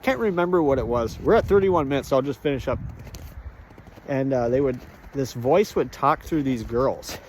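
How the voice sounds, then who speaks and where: With lively intonation and a moderate pace, a medium-pitched man vlogs on a walk through a rural area. He's chatty and jokey, rambling through a filler-heavy monologue against slight background noise.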